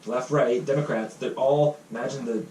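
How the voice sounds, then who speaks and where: A man hosting a casual podcast, telling a heated story fast, quoting others and swearing freely. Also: mid-range voice, steady tone, mellow, a little hiss or hum. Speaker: podcast host. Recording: roomy, distant mic with faint ambience.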